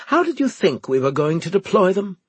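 A man's voice: a little high, wildly swooping pitch, moderate pace, slightly rough, no echo, voice pushed up, exaggerated voice. A man voicing an irritable male officer who barks clipped orders. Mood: snappish.

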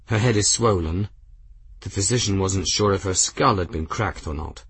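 A man's voice: low voice, normal speed, husky, no room sound, exaggerated voice. A man voicing a weary young male warrior bodyguard in an audiobook, wooden and plain-spoken. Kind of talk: audiobook character reading.

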